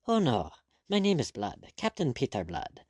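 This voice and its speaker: Sardonic male pirate captain, ironic and cool, voiced by a male narrator; lively delivery, dry read. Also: mid-range voice, moderate pace, dry recording, voice pushed up. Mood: mocking. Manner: dry, ironic, drawling courtesy.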